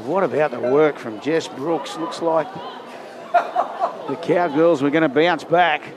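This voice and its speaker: Man calling rugby league over a crowd. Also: a little slow. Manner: lifts pitch and volume in big plays. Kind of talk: live sports commentary. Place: outdoor sports ground. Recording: loud crowd and outdoor noise. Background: crowd and outdoor ambience.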